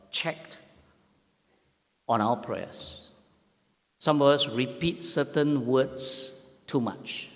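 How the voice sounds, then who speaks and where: A man preaching a sermon as pastor, slow and emphatic, with long pauses. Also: medium pitch, big-room sound.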